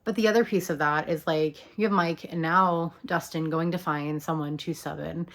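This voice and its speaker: Chatty woman with a low voice. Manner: chatty, many ums and likes, swears casually. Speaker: commentator. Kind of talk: casual video commentary.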